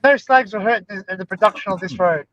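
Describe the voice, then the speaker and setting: An Australian man keeps up playful banter from behind the wheel of his car. His voice sits very high for a man, and the stream audio comes through muffled and lo-fi. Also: quick pace, fairly bright tone, a little hiss or hum. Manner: jokey, playful. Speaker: live stream host. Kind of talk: casual chat while driving.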